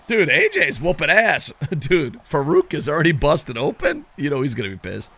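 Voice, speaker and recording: A man calling a wrestling video game for his viewers, excitable and foul-mouthed, chatting to them as "boys." His voice sits a bit high and rings with a very sharp, tense edge. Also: normal speed, breathy edge. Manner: excitable, heavily profane, addresses viewers as boys. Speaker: gaming commentator. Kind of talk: casual video game commentary.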